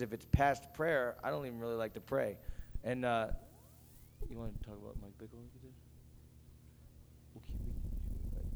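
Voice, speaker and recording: A young man moderating a youth panel, upbeat and joking as he asks the crowd for questions. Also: mid-range voice. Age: young adult. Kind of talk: casual panel talk with an audience. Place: camp meeting hall. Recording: echoey hall with faint background noise.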